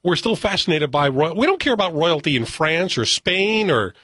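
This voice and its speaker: A man hosts a radio talk show, his voice pitched a little high and recorded dry and close. He chats in a wry, conversational way and reads news stories aloud. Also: big pitch swings, normal speed, bright, forceful tone, husky, dry recording. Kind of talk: casual radio chat.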